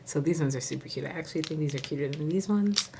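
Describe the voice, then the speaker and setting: A woman with a Southern US accent chatting casually through a haul video, full of fillers and sudden gasping excitement. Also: sits low, quick pace, vocal fry, a little hiss or hum. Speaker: nail vlogger.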